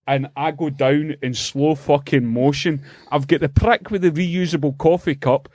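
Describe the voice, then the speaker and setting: A middle-aged Scottish man co-hosting a podcast, telling a funny story in an animated, profane way and laughing as he goes. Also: on the high side, moderate pace, few pauses, no echo, studio quality. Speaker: podcast co-host. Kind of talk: casual storytelling chat.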